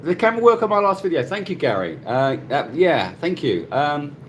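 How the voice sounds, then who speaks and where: A man's voice: fairly high pitch, sing-song, moderate pace, a little hiss or hum. A middle-aged man hosting a casual live stream from his phone, chatting and greeting viewers by name and laughing often. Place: Cebu, Philippines.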